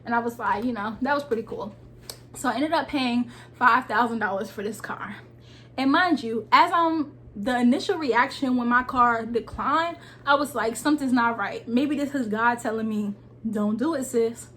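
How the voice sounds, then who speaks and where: A woman in her twenties telling a personal story to her viewers in a casual, animated vlog. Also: on the high side, moderate pace. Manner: animated, talks straight to viewers with "y'all". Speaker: lifestyle vlogger.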